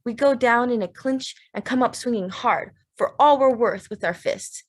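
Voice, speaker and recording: A woman narrating a literary audiobook in a steady, measured, plain way. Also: a little high.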